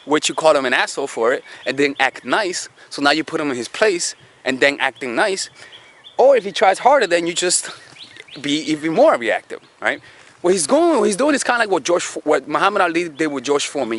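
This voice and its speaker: A man's voice: a little high, a bit bright. A man giving dating advice in a casual monologue, talking in a conversational way with swearing and lots of rhetorical questions. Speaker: dating coach.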